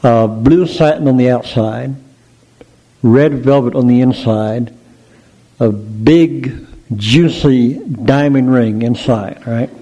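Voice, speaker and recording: A middle-aged male preacher giving a sermon in a folksy, animated storytelling manner, joking about himself. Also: mid-range voice, slow pace.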